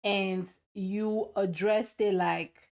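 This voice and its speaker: A young adult woman hosting a casual chat, animated and teasing, with a lot of slang. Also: medium pitch, drawn-out words. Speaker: host.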